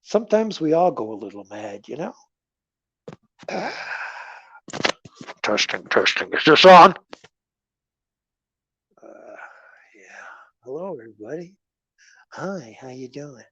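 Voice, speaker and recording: Rambling man with a lively, swooping voice. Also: a little high, slow, vocal fry, long pauses, husky, dry recording. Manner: animated storytelling, jumps between loud and murmured asides. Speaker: livestream host. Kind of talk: rambling casual livestream chat. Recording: dull lo-fi livestream audio.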